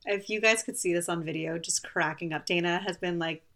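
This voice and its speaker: A woman's voice: on the low side, brisk, fairly bright tone. Giggly woman podcast co-host. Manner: giggly, playful storyteller. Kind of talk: casual podcast chat.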